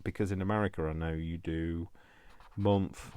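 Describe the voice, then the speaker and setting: A middle-aged British man chatting casually while opening mail, rambling and excitable, prone to over-explaining. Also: low-pitched, moderate pace, a little hiss or hum. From United Kingdom. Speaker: crafting vlogger.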